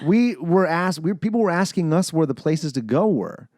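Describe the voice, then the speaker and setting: An animated Canadian man riffing through a casual movie review, his voice leaping up and down. The sound is close and dry with no room around it. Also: moderate pace, no room sound. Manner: animated, swings up and down in pitch. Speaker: podcast co-host.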